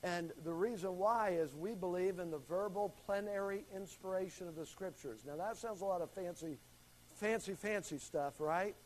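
High-voiced man teaching a Bible class. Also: normal speed, rough recording. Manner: calls on students, repeats and stresses key words. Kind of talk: classroom Bible lesson with questions.

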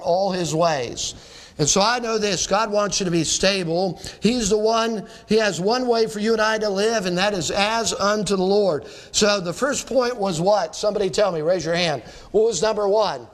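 Guy preaching to a crowd, fairly high voice, punchy, keeps asking the room stuff. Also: normal speed. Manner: emphatic, asks the crowd questions, repeats phrases. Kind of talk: sermon to students. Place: church or school hall before a live audience.

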